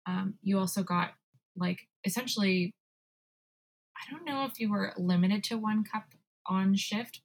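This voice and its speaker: A woman's voice: medium pitch, measured pace. A young adult woman co-hosting a podcast in casual chat, rambling and giggly as she talks. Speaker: podcast co-host.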